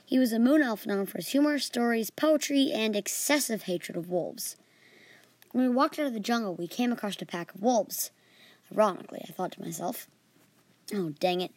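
A woman's voice: a little high, fairly quick, no echo. Earnest female podcast storyteller, dry mic. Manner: earnest, with small slips and restarts. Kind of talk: reading a fantasy adventure story.

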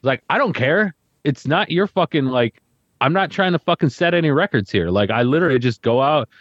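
A man's voice: a little high, animated, a little fast, fairly bright tone, no echo. A man co-hosting a podcast, telling a story in casual chat, swearing a lot and acting out what others said. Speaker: podcast co-host. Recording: slightly muffled, dry audio.

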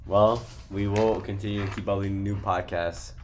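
Young male podcast co-host, very low voice, easygoing, faint background noise. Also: level tone, moderate pace. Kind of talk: casual podcast chat.

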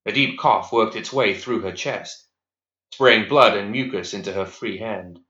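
A man reading a dark story aloud in a measured, even storytelling voice. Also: fairly low pitch. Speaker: narrator. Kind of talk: scripted audiobook narration. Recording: echoey, slightly dull recording.

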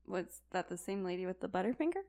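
A woman's voice: lowish voice, big pitch swings, fast talker, a little mellow. A woman co-hosting a casual podcast, bantering and teasing playfully. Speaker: podcast co-host. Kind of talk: casual chat.

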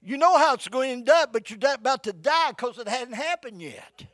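An older man preaching a sermon to a congregation, folksy, shifting between shouted exhortation and hushed storytelling. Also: extremely high pitch, expressive, brisk, dry recording. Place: church before a live congregation.

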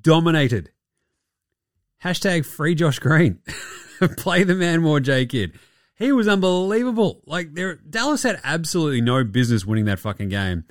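A man's voice: fairly high pitch, animated, normal speed, no echo. Young Australian male host for casual sports chat: blunt, laid-back, heavy on the swearing, bone-dry close-mic sound. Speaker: podcast host.

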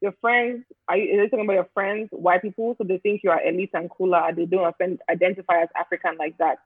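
A man's voice: sits high, fairly even intonation, quick pace, husky, dry recording. A man joining a casual talk show with wry commentary, heard over a tinny phone-like line. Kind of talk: casual chat.

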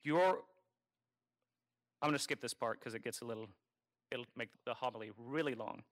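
A man preaching a homily in a conversational, wry way, teasing his listeners and slowing down to stress key phrases. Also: medium pitch. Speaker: Catholic priest. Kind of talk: sermon.

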